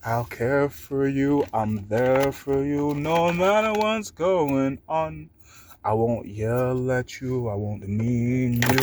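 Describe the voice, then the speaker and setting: A young male vlogger gives a rambling, emotional spoken-word monologue directly to someone he loves, swearing freely. His mid-range voice moves slowly and sounds earnest, with a noisy background behind him.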